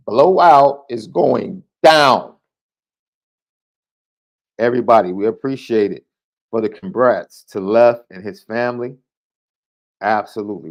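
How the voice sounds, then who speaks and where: A man hosting a live sports podcast, chatting casually and reading out viewer predictions with excited jumps in his voice. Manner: animated, excitable, jumps in pitch. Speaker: podcast host.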